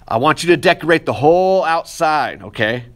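A man's voice: fairly high pitch, expressive, moderate pace, fairly bright tone. Man talking through a pottery demo. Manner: talks the viewer through each step, playful asides. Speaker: art teacher. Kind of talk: casual pottery demonstration.

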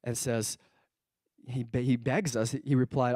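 A man in his thirties preaching a sermon as a pastor, animated, asking the congregation questions and acting out characters' lines. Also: mid-range voice, normal speed, no room sound, studio quality. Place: church.

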